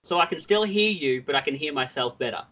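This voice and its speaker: Aussie guy guest, bright sharp voice, self-deprecating, hops between thoughts. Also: fairly high pitch, lively intonation, fast. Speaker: podcast guest. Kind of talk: casual chat.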